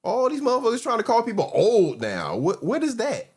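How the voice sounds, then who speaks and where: A man's voice: very high-pitched, huge pitch swings, fairly quick, darkish tone, husky. A man in casual panel chat, arguing and repeating his questions.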